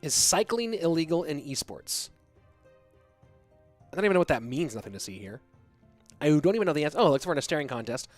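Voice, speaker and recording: A man with a slightly high voice hosts a live game stream, casually reading the chat and commenting on matches as they go. Soft music plays faintly behind him. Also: sing-song, a little fast, long pauses. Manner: casual, chatty, answers viewer questions. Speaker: esports caster and stream host.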